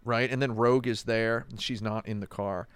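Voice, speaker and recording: A man's voice: fairly low pitch, fairly even intonation, moderate pace, smooth, no echo. A man in casual chat about a video game, rambling with restarts and acting out quotes.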